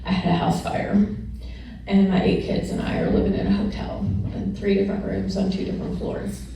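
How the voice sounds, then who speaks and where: A woman's voice: medium pitch, level tone, a little fast, vocal fry, dark tone, slight background noise. A middle-aged woman telling candid personal stories to an audience at a celebration, laughing often and sometimes emotional. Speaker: honored alumna speaking at a celebration. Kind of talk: personal storytelling remarks to an audience. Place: large echoey event room with an audience. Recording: distant, echoey room sound.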